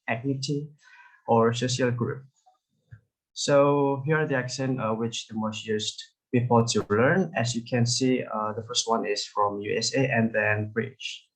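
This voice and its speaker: Young male student, average pitch, halting delivery full of "uh"s. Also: poor audio. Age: young adult. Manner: explains haltingly with many fillers. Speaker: student presenter. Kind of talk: class presentation.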